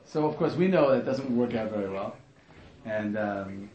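A man teaching a lively, joking class on a religious text to students, acting out quotes with many restarts. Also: lowish voice, normal speed, reverberant, highs cut off. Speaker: Torah teacher. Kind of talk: lively informal class on the Megillah.

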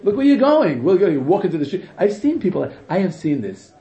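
A man teaching a class in an animated, rhetorical way, often asking "right?" and laughing, recorded in an echoey room with dull, lo-fi sound. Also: sits high, quick pace. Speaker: religious teacher. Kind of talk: informal classroom lecture.

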